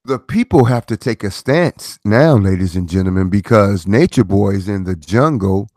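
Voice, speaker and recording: A man's voice: fairly low pitch, lively intonation, normal speed, darkish tone, no echo, studio quality. A middle-aged man hosting his own commentary channel, talking in a preachy way with rhetorical questions and repeated phrases. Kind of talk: casual commentary monologue.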